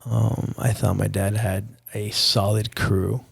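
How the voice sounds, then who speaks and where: A man's voice: on the low side, flat delivery, slow, creaky, slightly rough, no room sound, clean studio sound. A young man from Nicaragua, a podcast guest telling a personal story in a candid, profane, casual way. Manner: candid and profane, addresses host as dude and bro.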